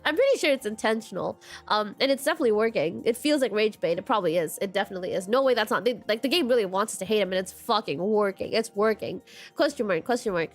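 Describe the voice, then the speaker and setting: A woman's voice: medium pitch, expressive, fast, faint music behind. A young woman streaming a story game, commenting casually, exasperated and swearing often, saying "question mark" aloud.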